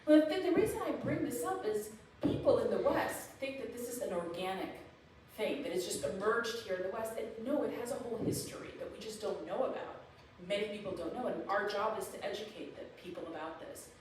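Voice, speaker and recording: Female guest lecturer, animated and emphatic, mid-pitched voice, distant mic in an echoey hall. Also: a little fast, slight background noise. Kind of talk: public lecture with slides. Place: event hall.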